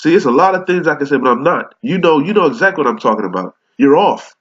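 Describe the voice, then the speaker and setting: A man's voice: a little high, expressive, fast talker, few pauses. Angry, profane preacher man, sick. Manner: angry, profane, reads scripture aloud in old English. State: sick with a cold. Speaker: street preacher. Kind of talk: confrontational rebuke sermon. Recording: dull lo-fi recording.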